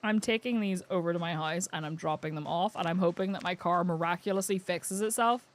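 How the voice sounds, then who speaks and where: A young woman streaming a video game live, chatting and swearing with excitable, laughing reactions. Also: on the low side, brisk. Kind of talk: live gameplay commentary.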